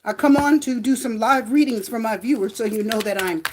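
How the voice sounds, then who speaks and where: A woman with a voice on the high side hosts a live tarot reading stream, chatting casually. She greets viewers by name in a drawn-out, sing-song way over a noisy background.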